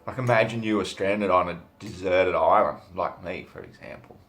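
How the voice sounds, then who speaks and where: An Australian man giving a crude, rambling comic monologue to camera, swearing freely with deadpan humor. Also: deep voice, moderate pace, faint music behind. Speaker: vlogger.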